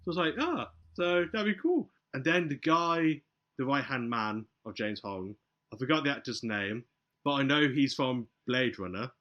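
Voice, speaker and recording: Over lo-fi sound, a man speaks at a moderate pace in a mid-range voice, casually summarizing a film on a podcast. His retelling is lively, with the characters' lines acted out as he goes.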